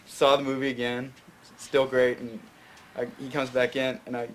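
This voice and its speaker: A man's voice: medium pitch, little pitch movement, moderate pace, a little hiss or hum. Rambling young man telling a story. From Fayette County, Tennessee. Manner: rambling, many fillers and restarts. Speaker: guest filmmaker. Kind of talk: casual storytelling interview.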